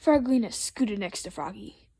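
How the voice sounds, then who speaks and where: A woman reading a picture book aloud to children, expressive and playful with the sound words. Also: mid-range voice, moderate pace, gravelly, husky. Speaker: storytime reader.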